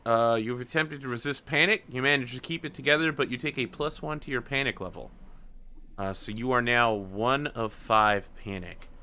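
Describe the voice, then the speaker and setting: A man running a tabletop roleplaying game as game master, narrating playfully with quick asides. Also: mid-range voice, sharp tone, smooth.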